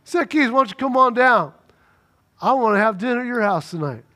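A man's voice: extremely high pitch, animated, fairly quick, bright, forceful tone, full character voice. A man playing a friendly figure who casually invites himself to dinner.

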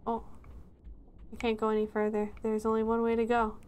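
A woman's voice: fairly high pitch, completely flat delivery, fairly quick, darkish tone, smooth. A woman streaming a horror game, chatting with sarcastic jokes and giggles as she plays. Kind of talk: live game commentary.

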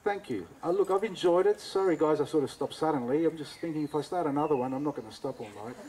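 A man's voice: fairly high pitch, fast, warm tone, rough recording. An Australian man, a cooking teacher giving a talk, tells a story with animation and acts out both sides of a conversation.

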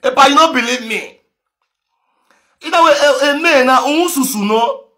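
A man with a Nigerian Pidgin accent ranting on a live video, mocking others with frequent laughter and sudden shouts. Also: extremely high pitch, expressive, moderate pace. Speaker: social media commentator.

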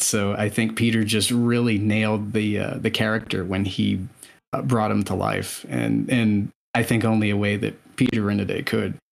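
A man's voice: fairly low pitch, creaky. A man guest on a podcast, chatting casually and enthusiastically with many hesitations.

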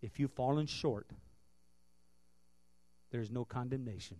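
Pastor guy preaching in church, goes loud then soft and tender, mid voice, dry sound. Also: medium pitch, expressive, moderate pace, long pauses, dry recording. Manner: swings from loud earnest preaching to quiet tender tones. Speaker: guest pastor. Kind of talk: sermon and prayer. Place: church building.

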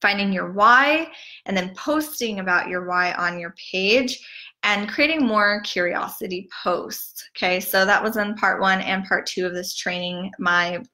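A woman giving a casual online marketing training, chatty and full of "like" and "um", who mimics gushing sales messages with big jumps in pitch. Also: a little slow, sharp tone. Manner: chatty, peppered with "like" and "um". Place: streaming from home over the internet.

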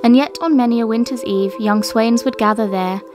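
A woman, co-host of a craft and history show, reciting an old poem in a measured way and then narrating its history. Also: on the high side, music in the background.

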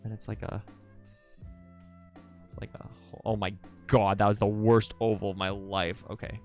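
A man streaming live while drawing, chatting casually with viewers, excitable, swearing a lot and laughing often. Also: fairly low pitch, moderate pace, faint music behind.

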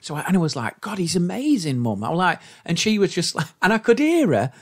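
A man's voice: high voice, fast. A man co-hosting a comedy podcast, telling stories in casual chat and acting out voices of his family. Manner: animated storytelling, acts out voices of family.

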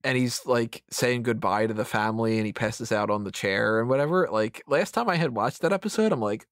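A man's voice: mid-range voice, moderate pace, no echo, clean studio sound. A man in his thirties hosting a casual podcast roundtable, rambling and self-mocking, laughing often as he talks. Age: 30s. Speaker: podcast host.

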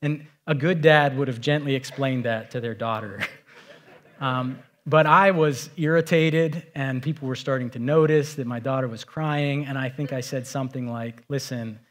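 A middle-aged male pastor preaching in a loose, conversational way, telling stories and then pressing his points home with emphasis. His voice sits at an ordinary middle pitch for a man. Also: steady tone, normal speed, a bit bright. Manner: storytelling, conversational, rises to emphatic. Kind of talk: sermon.

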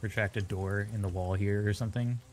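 A young man describing his build in casual gaming chat, relaxed and halting. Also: fairly low pitch, faint music behind. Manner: relaxed, halting, lots of fillers.

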